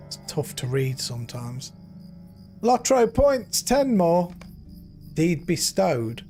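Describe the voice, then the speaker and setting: A middle-aged man streaming a game, telling an emotional story in an earnest, animated way. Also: on the high side, slow, soft background music. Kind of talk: casual storytelling while gaming.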